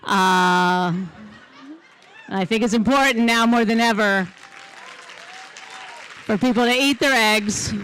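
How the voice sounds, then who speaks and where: A Canadian woman doing a stand-up comedy set on stage, deadpan and chatty with the crowd. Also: mid-range voice, a little hiss or hum, rough recording. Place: theater stage before a live audience.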